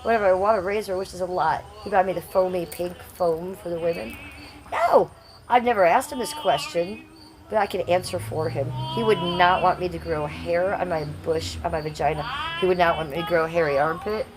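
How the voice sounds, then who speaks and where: A woman's voice: lowish voice, steady tone, a little fast, noisy background. A woman hosting a casual livestream, reading chat comments aloud in a brash, crude and playful way. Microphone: phone.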